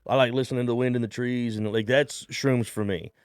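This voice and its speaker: A man's voice: medium pitch, fairly quick, clear, resonant tone, no echo, clean studio sound. A man telling a story in casual podcast chat, acting out the people in it and swearing freely. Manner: animated storyteller, acts out voices, swears freely. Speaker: stand-up comedian guest.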